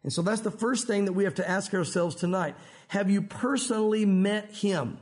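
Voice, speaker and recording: A man from Tennessee with a Southern accent preaching a conversational sermon, talking quickly with frequent restarts. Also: high-pitched, darkish tone. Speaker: pastor.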